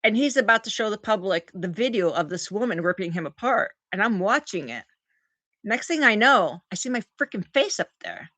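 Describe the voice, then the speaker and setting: A woman chatting on a live stream and thanking viewers for gifts. She is recovering from oral surgery and tells her story in an animated way, acting out the quotes. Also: medium pitch, normal speed, no room sound. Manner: animated storyteller, acts out quotes in big voices. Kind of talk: casual live-stream chat.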